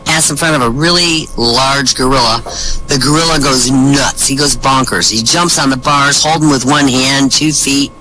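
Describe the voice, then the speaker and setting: Bright-voiced man telling jokes. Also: mid-range voice, moderate pace, soft background music, poor audio. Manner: lively storyteller acting out the characters' lines. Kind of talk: stand-up joke telling in a voice chat room.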